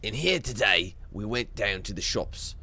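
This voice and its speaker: A man putting on a stuffy mock-British documentary narrator voice, slow and mock-grave. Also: fairly low pitch, expressive, pushed and bright, breathy edge, full character voice. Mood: mock-solemn.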